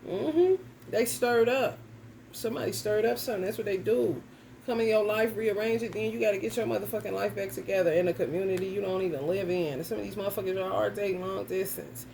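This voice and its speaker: A woman reads tarot in a loose vlog, talking bluntly and swearing freely straight to her viewers. Her voice carries a gravelly edge at a middle pitch. A faint hiss sits under it. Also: steady tone, quick pace, darkish tone. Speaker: tarot reader. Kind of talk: casual tarot reading vlog.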